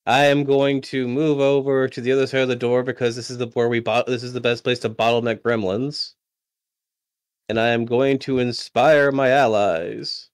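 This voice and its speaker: A man's voice: mid-range voice, little pitch movement, moderate pace, clear, resonant tone, no echo. Rambling man playing a tabletop game. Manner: rambling, self-deprecating, restarts a lot. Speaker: player. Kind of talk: casual tabletop game play over voice chat.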